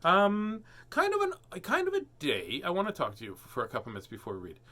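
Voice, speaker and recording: A bright, forceful male voice, a touch high for a man. He is a playful livestream host who chats with viewers at home and breaks into silly jokes and laughter. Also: wildly swooping pitch, fairly quick. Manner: playful, jokey, sings silly warm-ups and laughs often. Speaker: host reading children's books. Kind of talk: casual livestream chat.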